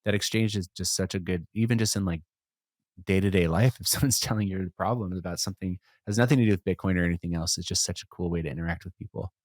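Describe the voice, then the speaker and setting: A man with a very low voice talks through his ideas as a podcast guest, circling back and restarting often. The sound is close and dry, with no room around it. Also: quick pace, no room sound. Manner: reflective, rambling with restarts and laughs. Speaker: podcast guest, musician and entrepreneur. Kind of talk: casual conversation.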